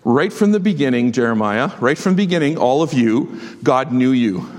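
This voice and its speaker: A man preaching a sermon as a pastor, emphatic and exhorting his congregation with quick asides. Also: medium pitch, expressive, a little mellow. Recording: long hall reverb.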